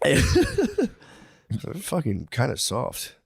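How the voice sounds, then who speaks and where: A man co-hosting a comedy podcast in casual chat, rambling and acting out quotes, sometimes jumping into a shrill voice. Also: huge pitch swings, drawn-out words, gravelly, husky. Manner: rambling, acts out quotes with sudden high-pitched outbursts. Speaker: podcast co-host.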